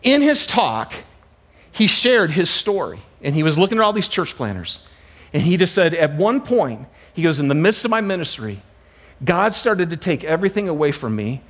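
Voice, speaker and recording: A man preaching a sermon as a pastor, telling stories with dramatic slowdowns and hushed emphasis. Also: on the high side, very animated.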